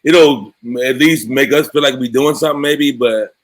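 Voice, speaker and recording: A man's voice: medium pitch, moderate pace, poor audio. A man chatting casually in a laid-back, joking way about parenting. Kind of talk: casual chat.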